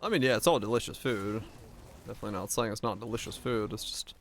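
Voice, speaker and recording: A man's voice: on the low side, quick pace, slight background noise. A man streaming a game, chatting casually and rambling between jokes. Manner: rambling, joking, laughs often. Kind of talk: casual gameplay chat.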